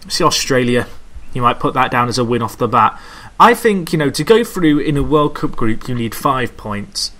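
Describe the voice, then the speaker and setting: A man of middling pitch hosting a casual football podcast. He gives a measured analysis and hedges his points as he goes. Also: animated, sharp tone. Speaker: podcast host.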